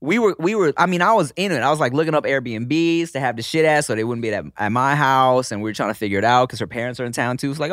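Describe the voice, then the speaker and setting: A man's voice: mid-range voice, quick pace, dry recording, studio quality. A man co-hosting a podcast in casual chat, talking loosely and with lots of swearing and laughter. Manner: animated, profane, laughs often. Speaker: podcast co-host.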